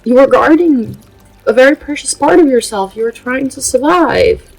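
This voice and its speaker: This host of a spiritual channel, a Brazilian woman who grew up speaking Portuguese, has a high, expressive voice that is creaky with a darkish tone. Her casual vlog talk is earnest and halting, full of filler pauses. The audio is poor, with faint music behind.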